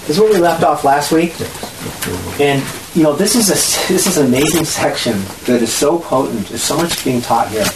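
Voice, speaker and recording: A spiritual study group teacher giving a lesson to a group, animated, laughing often and acting out voices. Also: medium pitch, moderate pace, reverberant, noisy background.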